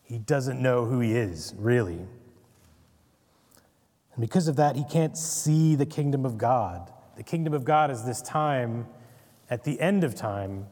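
A man's voice: mid-range voice, a little mellow, in a large hall. A man giving a casual Bible study lecture, conversational, with wry asides and frequent "right?" checks. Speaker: Bible teacher.

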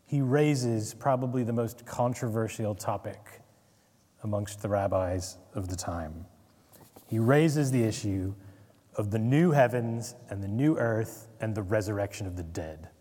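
Mellow-voiced man teaching in a reverberant hall. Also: on the low side, breathy edge. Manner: conversational, asks "right?" often, wry asides. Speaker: Bible teacher. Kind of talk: casual Bible study lecture.

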